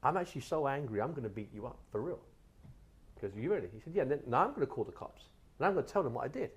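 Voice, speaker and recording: A middle-aged man from England, a guest telling animated stories in a casual podcast chat. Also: mid-range voice. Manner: animated storyteller, quick and lively. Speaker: guest author.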